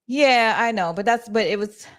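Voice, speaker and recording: Her pitch is fairly high and her speed normal as she chats casually with livestream viewers from her office. She's a New Yorker with the local accent, a host who talks to her chat, restarts, and uses fillers.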